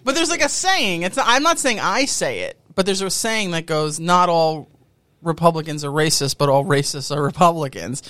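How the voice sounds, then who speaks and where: A woman's voice: sits low, animated, normal speed, fairly bright tone, dry recording. A woman co-hosting a casual podcast chat, giggly and teasing. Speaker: podcast co-host.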